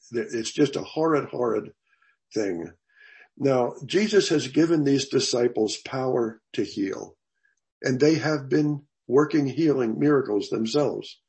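An older man teaching a Bible class in a thoughtful, conversational way, pausing and restarting as he goes. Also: medium pitch, vocal fry, a little mellow.

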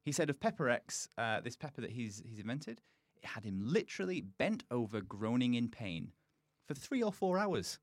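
A man's voice: mid-range voice, sing-song, moderate pace, no echo, clean studio sound. A man hosting a podcast in a playful, chatty way, often laughing. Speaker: podcast host. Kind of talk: casual chat.

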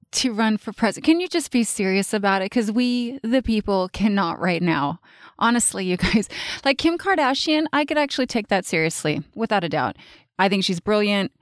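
A woman's voice: medium pitch, no echo, studio quality. A woman in her forties hosting her own life-coaching podcast, talking casually, bluntly and with plenty of swearing. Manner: blunt, profane and animated. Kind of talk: casual solo podcast monologue.

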